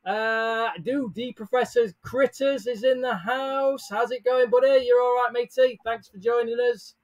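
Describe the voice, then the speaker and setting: A man's voice: very high-pitched, steady tone, a little slow. A man hosting a casual live stream, upbeat, greeting viewers by name and laughing often. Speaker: livestream host. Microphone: headset or earbuds with desk mic.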